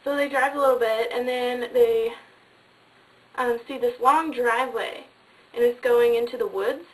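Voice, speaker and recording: A woman casually telling a ghost story in a chatty way with lots of fillers, sometimes dropping to a hush. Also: fairly high pitch, steady tone, measured pace, recorded from a distance, low-quality recording. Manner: chatty, many fillers, drops to hushed tones.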